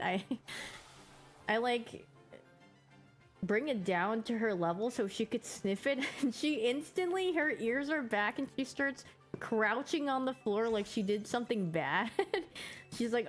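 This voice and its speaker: A woman's voice: mid-range voice, expressive, normal speed, faint music behind. Giggly young woman streamer chatting casually. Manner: bubbly, giggly, playful voices for her pets.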